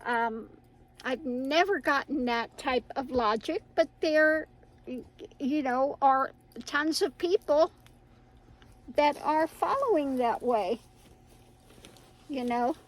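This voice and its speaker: Speaking slowly in a high voice, she pauses often, and the recording is rough. She's a middle-aged tarot reader hosting her channel, casually rambling to viewers and laughing frequently.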